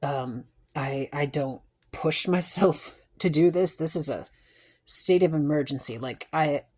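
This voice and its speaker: A woman's voice: sits low, measured pace, a little mellow, slightly rough. A young woman with a sore throat telling a story in a chatty, playful way, with lots of fillers. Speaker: vlogger. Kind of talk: casual storytelling to camera.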